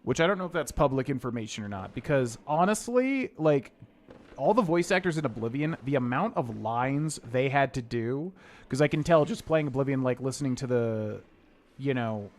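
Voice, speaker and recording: A man's voice: mid-range voice, lively intonation, normal speed. A man casually chatting and rambling while he streams a video game, with plenty of "like" and "um".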